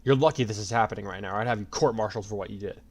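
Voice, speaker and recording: A man's voice: on the low side, very fast, lightly acted. A man voicing a stern, commanding young swordsman leading his friends.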